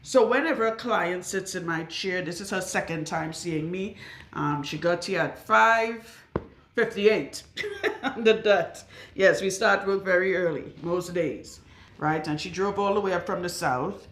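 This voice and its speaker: A woman's voice: lowish voice, measured pace, a bit bright. A woman loctician talking bluntly and emphatically to camera while working on a client in her salon. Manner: blunt and outspoken; emphatic, with rhetorical questions. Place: her salon room with a radiator. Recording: roomy echo.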